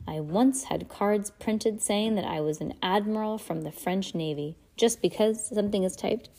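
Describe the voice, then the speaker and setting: Storybook read-aloud: a prim, fretful elderly widow, put on by a woman reader. Warm, mellow tone. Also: mid-range voice, natural voice. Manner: prim, fretful and easily flustered. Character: fussy nervous elderly widow.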